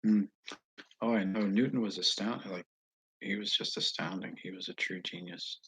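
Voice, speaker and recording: A man with a Northeast US accent, hosting a casual live chat with viewers. He rambles slowly, with frequent pauses and fillers and asides that trail off quietly. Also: low voice, slight background noise, poor audio. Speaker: channel host answering viewers.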